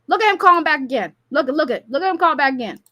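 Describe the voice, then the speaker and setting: A woman streaming live, ranting loudly with profane, mocking comic riffs at a caller. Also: sits high, lively intonation, no room sound, studio quality. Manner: loud, profane, mocking, rapid comic riffing. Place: home.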